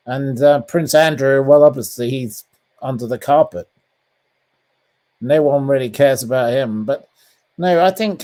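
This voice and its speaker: Male British journalist guest, blunt and scathing, halting delivery, mid-range voice. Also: mid-range voice, dark tone. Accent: British English. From England. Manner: blunt and scathing, with many ums and restarts. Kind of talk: interview over a call.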